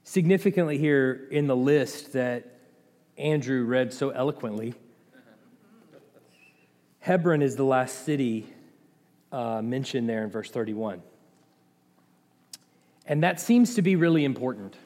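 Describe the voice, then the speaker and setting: Impassioned preacher in a reverberant church. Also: male voice, mid-range voice, measured pace, long pauses. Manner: impassioned, swings between loud and quiet. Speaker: pastor. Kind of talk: sermon. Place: church sanctuary. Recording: long hall reverb.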